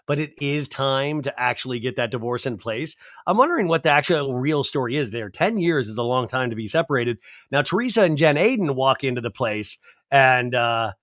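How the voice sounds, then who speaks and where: A man's voice: medium pitch, a bit bright, no room sound, clean studio sound. A man hosting a podcast, recapping a reality show in a chatty comedic way and mimicking the cast's lines. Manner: chatty, acts out cast members' lines in mocking voices.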